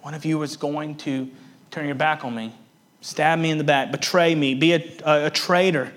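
A man's voice: a little high, steady tone, normal speed, fairly bright tone. A man preaching a sermon as a pastor, earnest and emphatic, repeating words for stress.

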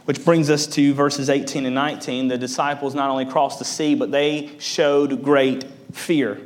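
A man preaching a sermon, verse by verse. He presses up in emphasis and then drops low for weight, and he repeats words as he explains. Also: flat delivery, moderate pace. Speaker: pastor.

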